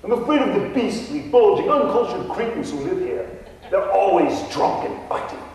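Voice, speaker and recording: A man's voice: high voice, big pitch swings, moderate pace, creaky, darkish tone, full character voice. A man putting on a pompous English ghost. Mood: disgusted. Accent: put-on English, Texan trying to sound English. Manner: pompous, dramatic and wailing. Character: fussy ghost of a snobbish Englishman, male. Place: contest stage in a hall. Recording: echoey hall from far off.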